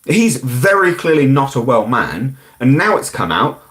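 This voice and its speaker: A British man chatting on a live stream. His pitch swings a lot, rising and falling freely as he rambles through viewer comments. He speaks bluntly and frankly in a medium-pitched voice. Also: sing-song, unhurried, fairly bright tone. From United Kingdom.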